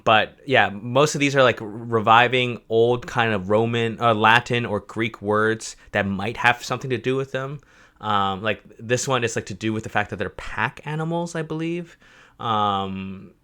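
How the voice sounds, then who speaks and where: Bright-voiced man rambling through self-corrections. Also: lowish voice. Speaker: project co-creator presenting a map. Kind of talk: livestream chat explaining a map.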